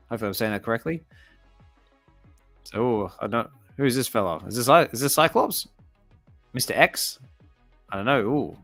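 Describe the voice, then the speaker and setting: A man hosting a relaxed comic reading, chatty and curious, who thinks aloud and stumbles over names as he reads. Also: medium pitch, brisk, pauses often, no room sound, soft background music. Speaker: comic reading channel host.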